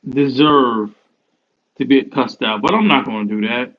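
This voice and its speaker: A man's voice: mid-range voice, unhurried. A man co-hosting a sports podcast, earnestly defending his team in casual banter. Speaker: podcast co-host. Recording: dull muffled audio.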